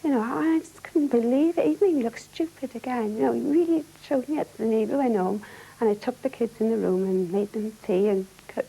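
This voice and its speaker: Welsh woman, gravelly, hushed testimony. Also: low-quality recording. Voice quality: low-key, halting, with many restarts. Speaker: domestic abuse survivor. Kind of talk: personal testimony.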